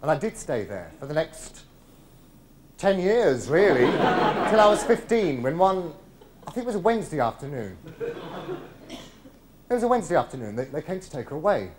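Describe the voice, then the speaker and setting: A man tells stories to a live theatre audience in a chatty, teasing way, picked up on a clip-on mic. His pitch rises and falls a lot. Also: sing-song, moderate pace. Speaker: solo stage performer. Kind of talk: one-man comedy show storytelling. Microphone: clip-on body mic.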